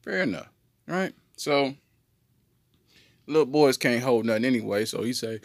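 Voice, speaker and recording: A man telling a comedic story on a podcast in an animated, slangy way. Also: mid-range voice, normal speed, no room sound, clean studio sound. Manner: animated, slangy, jumps into voices. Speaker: podcast co-host.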